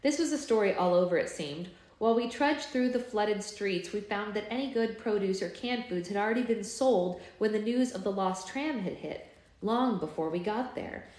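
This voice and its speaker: A woman's voice: mid-range voice, normal speed, a little mellow. A woman hosting a live book club, chatting casually and reading a novel aloud with offhand asides. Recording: echoey room.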